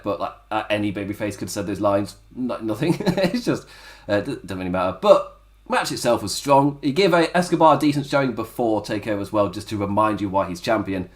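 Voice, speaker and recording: A wrestling review podcast host rambles through an episode in a casual solo review that feels offhand rather than scripted. His pitch swings widely as he laughs at his own asides and drops into quick mock voices.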